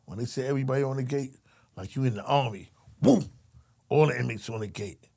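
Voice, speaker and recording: A middle-aged former correctional officer tells a story in casual conversation, his mid-range voice fairly quick, creaky and mellow. He's streetwise and profane, keeps repeating his listener's name, and acts out the people in his tale with animated energy.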